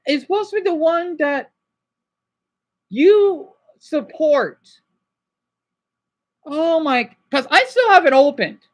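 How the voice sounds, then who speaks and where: High-pitched guy scolding his stream chat, voice swinging up and down, tired and fed up. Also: lively intonation, slow, pauses often. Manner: agitated, exasperated scolding; tired, sighing. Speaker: livestreamer. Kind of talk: livestream rant to chat.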